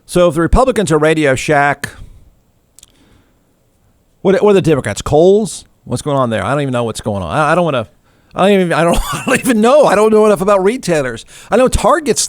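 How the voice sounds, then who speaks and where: A middle-aged man hosting a talk show, ranting sarcastically and mockingly, with sudden jumps in pitch. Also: dry recording, clean studio sound. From Texas. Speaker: radio talk show host. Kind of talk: snarky political commentary monologue.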